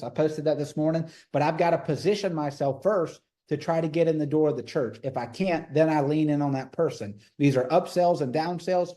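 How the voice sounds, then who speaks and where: Energetic male sales coach, slightly high, mellow tone, punchy repeated lines. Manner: energetic, emphatic, repeats phrases; acts out sales pitches. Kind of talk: live call teaching.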